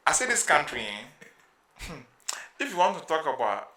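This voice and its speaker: A Ghanaian man co-hosting a podcast in casual chat, animated and joking, repeating words for emphasis. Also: fairly high pitch, measured pace. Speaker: podcast co-host. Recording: echoey room with faint noise.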